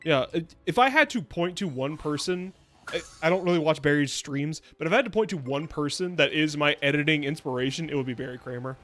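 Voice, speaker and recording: A man's voice: fairly high pitch, fairly quick, fairly bright tone. A young man, a VTuber, chatting casually while streaming a game, rambling and laughing often. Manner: rambling, chatty, laughs often, silly sing-song asides. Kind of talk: casual gameplay stream chat.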